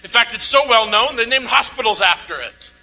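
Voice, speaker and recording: A man's voice: very high-pitched, expressive, brisk, pushed and bright, soft background music. A man preaching a sermon, reading a scripture passage aloud and then explaining it with rising emphasis. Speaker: pastor. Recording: long hall reverb, faint noise.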